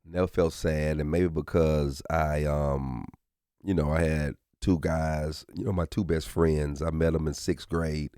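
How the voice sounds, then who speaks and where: Comedian guest, man, very low voice, dry close studio sound, animated storyteller. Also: measured pace, smooth, dry recording. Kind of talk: casual podcast chat. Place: podcast studio.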